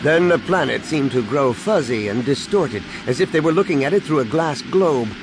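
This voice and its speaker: A man narrating a science-fiction audiobook with a dramatic, expressive reading. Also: a little high, moderate pace. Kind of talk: scripted narration. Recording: music clearly behind.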